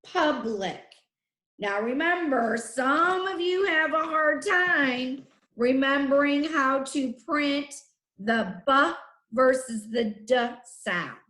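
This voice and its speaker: Woman teacher, fairly high voice, very slow, deliberate dictation, roomy sound. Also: a bit bright. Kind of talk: spelling dictation for a class.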